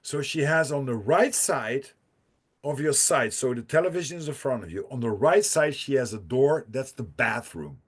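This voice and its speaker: A man's voice: mid-range voice, animated, normal speed, husky. A man, a podcast guest telling a profane, rambling story with laughs and restarts. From Netherlands. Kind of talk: casual storytelling.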